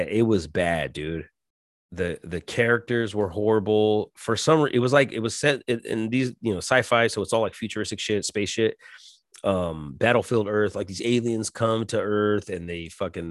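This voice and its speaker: In a dry, studio-quality recording, a man in his 40s hosting a podcast swears nonstop through a crude, rambling, casual monologue, now and then putting on imitated voices. His voice is on the low side.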